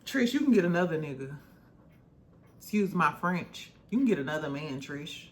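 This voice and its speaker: A woman's voice: sits low, sing-song, moderate pace. A woman recapping a reality show in casual chat, candid and swearing freely, laughing often.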